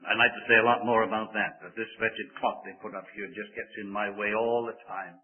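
An older man preaching a sermon in a church, moving between loud, emphatic declaiming and quiet, joking asides to the congregation. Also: lowish voice, flat delivery, a little fast. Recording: tinny phone-like sermon recording.

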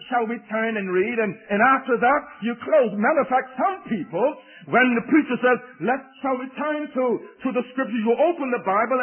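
Older preacher with a husky, tinny sound. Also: male voice, very high voice. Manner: earnest, repeats key phrases, frequent hesitations. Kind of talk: sermon. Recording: tinny phone-like recording.

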